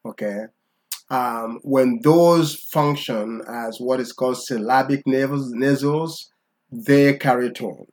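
A man teaching tones in a relaxed, conversational lesson, patiently checking in with okay? after each point. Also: mid-range voice, takes it slowly. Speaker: language teacher.

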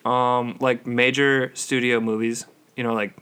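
A man's voice: medium pitch, level tone, unhurried, a bit bright, smooth. A man in his twenties co-hosting a podcast, chatting casually, swearing freely and mocking other people's speech. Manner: swears freely, mocks accents in put-on voices. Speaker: podcast co-host. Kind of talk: casual chat.

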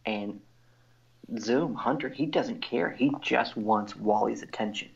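A man's voice: fairly low pitch, slow pace, gravelly. A man co-hosting a casual podcast chat, walking through comic book panels and quoting the characters. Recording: dull lo-fi audio.

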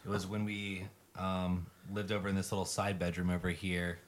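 A man's voice: sits low, level tone, moderate pace, a little hiss or hum. A man chatting casually with family, hesitant with fillers and dry humor. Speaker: family member.

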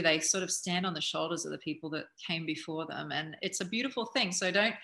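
An Australian woman, an actor, chatting casually about acting tips with lots of fillers and animated asides. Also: low-pitched, brisk, hardly any pauses. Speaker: actor giving acting advice.

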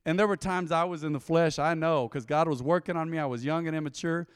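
A man, preaching a sermon as pastor and acting out conversations in a lively storytelling way. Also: fairly high pitch, quick pace, smooth, dry recording, clean studio sound.

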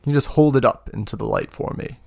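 A man voicing a big, scheming older lord with one good eye who speaks in slow, grandiose speeches and laughs deep and booming. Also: gravelly, dry recording, clean studio sound. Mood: menacing. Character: imposing older male lord, scheming, one-eyed mentor. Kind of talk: tabletop role-play narration.

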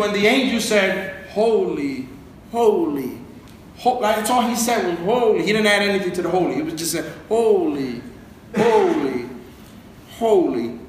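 A man's voice: high voice, bright, forceful tone. A man preaching a sermon in a conversational, joking way, asking the congregation to repeat words. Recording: very echoey room with faint noise.

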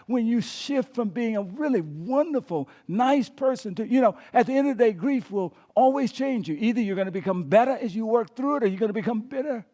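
A man preaching a sermon as pastor, calling on the congregation to repeat words, swinging between emphatic and hushed delivery. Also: very high-pitched, animated, brisk, few pauses. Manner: preaching with call-and-response prompts to the congregation.

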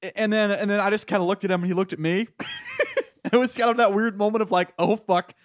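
A man's voice: sits high, steady tone, fast, dry recording, studio quality. A man from rural New England hosting a podcast in casual comedic chat, joking and laughing often at his own expense. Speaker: podcast host.

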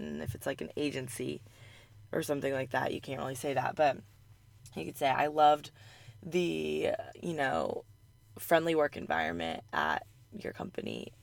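A young woman hosting a weekly advice vlog, hoarse and raspy from a sore throat, upbeat and chatty, with frequent "like" and "um" fillers. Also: low voice, dry recording. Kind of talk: casual advice talk.

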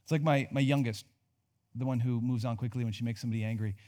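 A man's voice: medium pitch, steady tone, quick pace, mellow. A man in his thirties, a pastor preaching a sermon in a conversational way that climbs to emphatic peaks.

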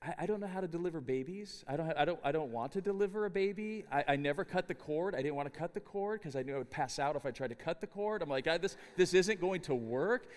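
A middle-aged man giving a chapel sermon, telling stories with an animated, humorous delivery. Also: on the high side, fast, hardly any pauses, long reverb tail. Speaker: chapel speaker. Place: university chapel.

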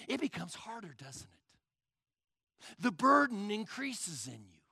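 High, lively, gravelly-voiced preacher man. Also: takes it slowly, no room sound, clean studio sound. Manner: emphatic, trailing off to a hush at phrase ends; asks the congregation rhetorical questions. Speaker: pastor. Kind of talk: sermon.

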